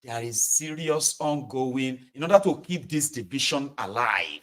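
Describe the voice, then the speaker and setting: A man's voice: mid-range voice, lively intonation, a little slow, fairly bright tone. A Nigerian man giving exasperated, mocking political commentary in a casual vlog. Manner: exasperated, mocking, uses pidgin particles.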